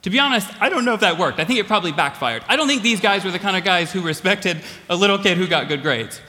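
A man preaching a storytelling sermon in a high, bright voice that swoops up and down. He pokes fun at himself and often laughs through his lines. A long reverb trails after him in the big hall. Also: fast talker. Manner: animated, self-deprecating, laughs often. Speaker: college president giving a talk.

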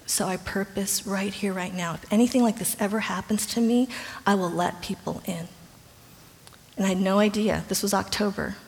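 A woman's voice: medium pitch, fairly even intonation, moderate pace. A woman giving a personal testimony sermon in an earnest storytelling way. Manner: earnest storytelling, drops to a hushed whisper at tender moments. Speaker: speaker at a Christian gathering. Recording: long hall reverb.

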